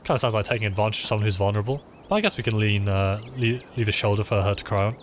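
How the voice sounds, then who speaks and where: A man's voice: fairly low pitch, rapid-fire. Man reading a game aloud, noisy background. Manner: reads narration in an even voice, then drops into loose, joking asides. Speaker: let's-play host. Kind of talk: reading game text aloud with casual asides. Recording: noticeable background noise.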